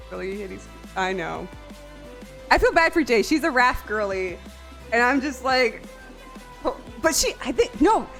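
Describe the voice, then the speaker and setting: A young woman streaming from home, chatting casually and often breaking into laughter and playful whining. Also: on the high side. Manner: giggly, excitable, lots of laughing and whining. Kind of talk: casual live-stream chat. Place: home room.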